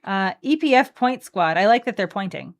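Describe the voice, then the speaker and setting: A woman's voice: medium pitch, animated, normal speed. Chatty woman opening card packs. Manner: chatty, playful, reads card text aloud. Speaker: co-host of card game stream.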